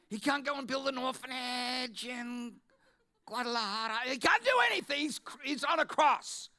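A man preaching a fervent sermon as pastor, swinging between shouted declarations and quiet asides. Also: very high voice, vocal fry.

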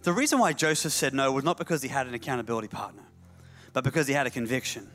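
A man of medium pitch preaching a sermon, hammering home his points by repeating them. He mixes earnest exhortation with joking asides. Soft music plays faintly underneath. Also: expressive, very fast. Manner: repeats key phrases for emphasis, with humorous asides.

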